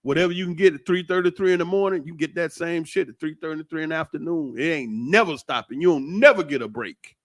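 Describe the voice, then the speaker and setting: A middle-aged man, talking in a casual, preachy monologue that is animated and full of swearing. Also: on the high side, fast talker, few pauses, dry recording, clean studio sound. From United States. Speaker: commentator.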